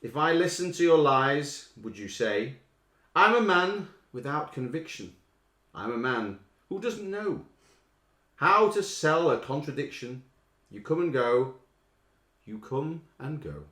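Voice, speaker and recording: A man hosting a casual live quiz from home, reading song lyrics aloud in a playful, drawn-out way. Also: a little high, expressive, a bit bright, reverberant. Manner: playful, reads lyrics with exaggerated drawn-out delivery. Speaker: quiz host.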